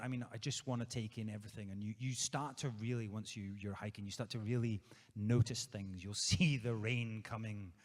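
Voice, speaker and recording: A low-voiced Scottish man talks in an easygoing, playful way, wandering through his answers with plenty of ums and restarts. It's a live stage Q&A, and his voice trails a long reverb through the hall. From Scotland. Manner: easygoing and playful, rambling with many fillers and restarts. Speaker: guest author at a live book event. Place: theatre stage before an audience.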